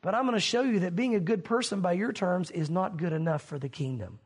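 A man's voice: high-pitched, animated, fairly quick, slightly rough. A man preaching a sermon as pastor, earnest and questioning, addressing his congregation directly.

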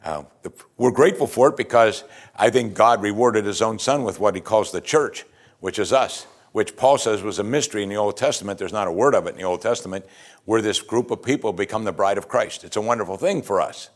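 A man with a fairly low voice teaches from scripture in a loose, conversational way. He keeps turning to his listeners with rhetorical questions and retells the passages in everyday talk. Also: brisk. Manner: informal, chatty retelling of scripture. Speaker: Bible teacher.

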